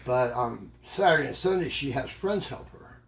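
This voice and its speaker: An older man telling a rambling, humorous story in a casual way, jumping up in pitch to act out the voices he quotes. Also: moderate pace, creaky. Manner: animated, acts out quoted voices with jumps in pitch. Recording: loud background noise.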